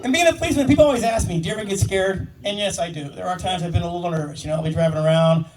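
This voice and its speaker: Brash, profane stand-up comic, high voice. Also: male voice, very noisy. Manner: brash, profane, fast storytelling punctuated by laughs. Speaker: stand-up comedian, police officer. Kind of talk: stand-up comedy. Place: comedy club stage before a live audience. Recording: distant mic with loud crowd laughter.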